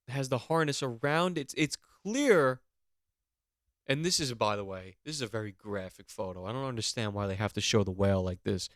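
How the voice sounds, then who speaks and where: Podcast guy doing a swear-heavy mock-outraged rant, middle pitch, dead dry mic. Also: no room sound. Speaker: podcast host.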